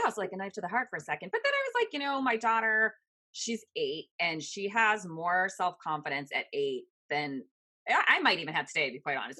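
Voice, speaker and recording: A woman in her thirties co-hosts a casual podcast chat. She has a bright voice pitched a little low, and she tells animated stories with frequent laughs. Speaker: podcast co-host.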